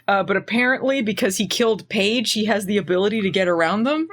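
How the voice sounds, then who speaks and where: A woman hosts a podcast, recapping a TV episode in casual, sarcastic chat, laughing often and acting out quotes. Her voice is mid-range and fast.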